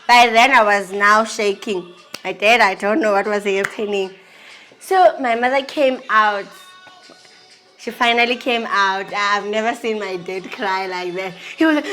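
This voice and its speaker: A woman tells her own story in an animated way, acting out quoted dialogue. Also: medium pitch, a little slow, soft background music. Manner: animated, acts out quoted dialogue, restarts often. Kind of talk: personal storytelling talk.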